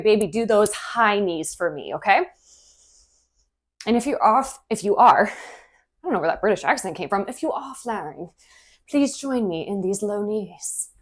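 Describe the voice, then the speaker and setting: A woman fitness instructor leading a cardio workout in her kitchen, talking while she exercises and cheering on her viewers, slightly out of breath. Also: mid-range voice. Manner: upbeat, encouraging, talks while exercising. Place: home kitchen.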